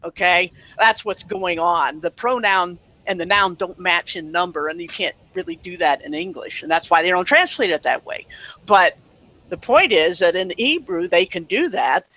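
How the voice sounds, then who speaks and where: A man's voice: high-pitched, normal speed, pushed and bright, poor audio. A man in casual online talk, answering a question with earnest, rambling explanations and restarts.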